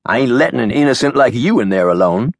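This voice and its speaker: A man's voice: medium pitch, lively intonation, quick pace, creaky, no echo, voice pushed up. A man doing Boz, a wry, teasing sidekick. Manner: dry, teasing. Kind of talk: audiobook character voice.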